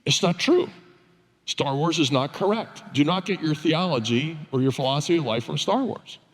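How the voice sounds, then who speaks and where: A man's voice: a little high, expressive, moderate pace. Older male pastor, wry conversational preaching. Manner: conversational, wry, self-deprecating storytelling. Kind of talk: sermon. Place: church sanctuary. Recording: long church reverb.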